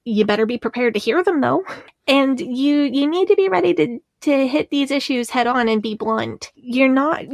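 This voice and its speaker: A woman talks through her advice on a podcast, earnest and a little halting as she restarts her sentences. Her voice sits on the high side, recorded close and dry. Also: vocal fry, dry recording. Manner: earnest, thinks aloud with restarts. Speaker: podcast co-host. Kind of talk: casual chat.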